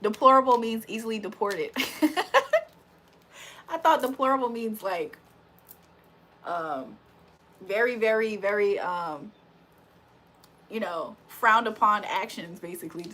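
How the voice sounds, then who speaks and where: A woman's voice: mid-range voice, measured pace, pauses often, pushed and bright. A young woman hosting a live stream in casual chat, laughing often and talking to her viewers as y'all. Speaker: livestream host.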